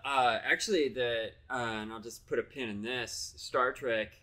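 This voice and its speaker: A man co-hosting a podcast in casual, chatty talk, playful and quick to jump between topics. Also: mid-range voice, fairly even intonation, sharp tone. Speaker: podcast co-host.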